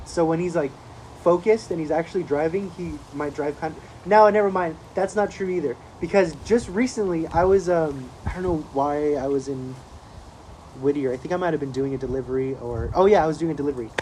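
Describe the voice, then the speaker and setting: A man's voice: on the high side, a little fast, a little mellow, slight background noise, low-quality recording. A man, co-hosting a podcast, tells a rambling story in casual chat, swearing often and laughing as he goes. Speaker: podcast co-host.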